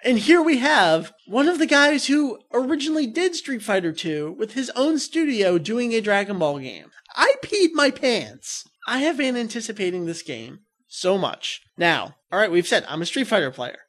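A young man co-hosting a podcast, chatting excitedly about a video game, quick to laugh. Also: high voice. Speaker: podcast co-host. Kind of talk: casual review chat.

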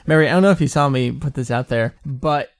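A man co-hosting a casual fan podcast, running through news with brisk, eager energy. His voice sits at an ordinary middle pitch, and he talks like a longtime enthusiast. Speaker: podcast co-host.

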